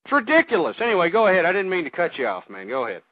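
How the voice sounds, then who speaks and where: A man's voice: on the high side, big pitch swings, racing, no room sound. A man hosting a talk radio show, angry and ranting at callers, often repeating himself. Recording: tinny phone-line audio, dry.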